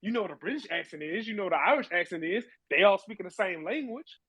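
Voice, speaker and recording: A man hosting a live audio chat room, speaking in a fairly high voice with a dry, close sound. He rants with energy, swears freely and laughs often between points. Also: quick pace, breathy edge, dry recording. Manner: animated, laughing, profane rants. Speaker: host.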